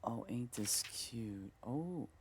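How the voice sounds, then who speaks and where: A woman streamer chatting through a farming game, excitable and chatty, exclaiming often and talking to her viewers. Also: a bass voice, slow, husky. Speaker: gaming streamer. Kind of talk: casual gameplay commentary.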